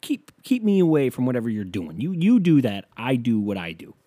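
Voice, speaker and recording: Mellow-voiced man ranting profanely. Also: medium pitch, very animated, a little fast, no echo. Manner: profane, ranting, mock-yells in bursts. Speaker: podcast host. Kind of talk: casual comedic monologue.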